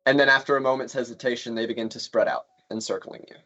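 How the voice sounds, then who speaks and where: A man's voice: mid-range voice, fast talker, pushed and bright, highs cut off, faint music behind. Laid-back man running a tabletop game. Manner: casual narration with fillers. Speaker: game master.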